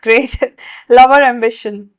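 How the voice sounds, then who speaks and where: A woman hosting a podcast, asking rapid-fire questions in a bubbly way and laughing often. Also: on the high side, steady tone. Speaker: podcast host.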